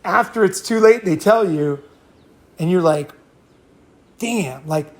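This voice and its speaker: Unhurried and high-voiced, a Californian host spins rambling stories and offers advice in a casual talk. He laughs frequently and swears along the way.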